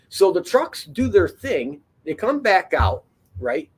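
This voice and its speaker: A man's voice: sits high, sing-song, slow pace, husky. A man telling a long story in a casual, rambling way, full of fillers, restarts and swearing. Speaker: podcast host.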